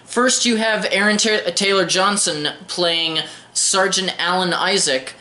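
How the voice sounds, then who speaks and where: A young woman talks through a film review in an offhand, sarcastic way, tripping over words and starting again. Her voice is bright and a little sharp, and it bounces around a roomy, echoey space. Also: mid-range voice, steady tone, measured pace. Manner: wry, sarcastic, stumbles and restarts. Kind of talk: casual spoken movie review.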